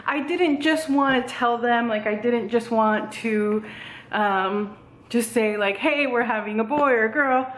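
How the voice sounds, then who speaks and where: Speaking unhurriedly in a high-leaning voice, a breathless young vlogger chats casually at home in front of a tripod camera, bubbly and rambling with plenty of "like" and "um." The echoey room carries a little hiss or hum.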